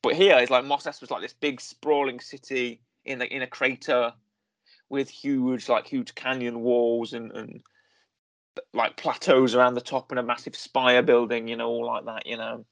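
A man talks through a review in a loose, rambling way, full of fillers and restarts. His pitch sits in a middle range. The sound is dry and close. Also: flat delivery, normal speed, gravelly, dry recording. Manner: rambling, self-correcting, lots of fillers. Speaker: podcast host reviewing a series. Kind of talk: casual conversational review.

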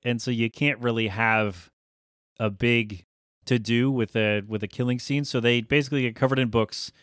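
A man's voice: medium pitch, steady tone, moderate pace, a bit bright, clean tone, no echo. Podcast host, male, mid-range voice, dry close sound, rambling recap with asides. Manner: chatty, rambling, jokey asides and self-corrections. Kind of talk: casual TV episode recap.

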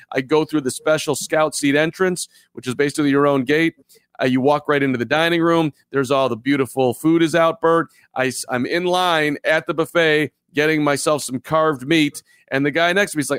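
A man's voice: on the high side, a bit bright, smooth, dry recording. A man co-hosting a live baseball podcast, telling stories in a rambling way and repeating himself. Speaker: podcast co-host. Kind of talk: casual live podcast chat.

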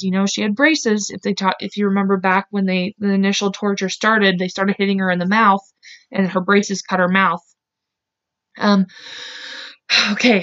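Casting: woman host, mid-pitched voice, loose chatty true-crime storytelling, lots of "like", swears, slightly dull lo-fi mic. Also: fairly bright tone. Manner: chatty, filler-heavy, emotional, swears openly. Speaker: podcast host.

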